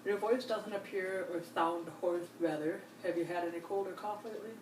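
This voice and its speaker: Talking a little fast, a nurse examiner with a fairly low voice calmly leads a patient through a clinical demonstration exam, step by step, reassuring them often. The mic sits at a distance in a roomy space, and faint hiss lingers underneath.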